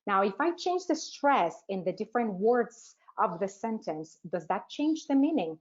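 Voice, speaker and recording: A woman teacher trainer presenting a webinar, asking rhetorical questions and pausing often with "uh" fillers. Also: mid-range voice, very animated. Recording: dull, lo-fi webinar audio.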